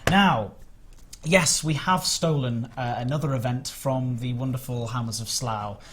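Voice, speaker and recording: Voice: medium pitch, unhurried, slight background noise. A livestream host running a community game event, playful and jokey, reading out the rules of a contest.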